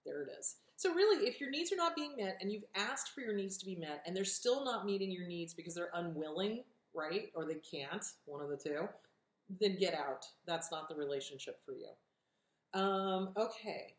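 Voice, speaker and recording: A woman's voice: on the low side, animated, normal speed. A middle-aged woman from California hosting an advice show, blunt and direct, swearing freely as she answers viewer questions. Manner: direct, emphatic, encouraging. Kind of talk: casual advice talk. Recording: echoey room.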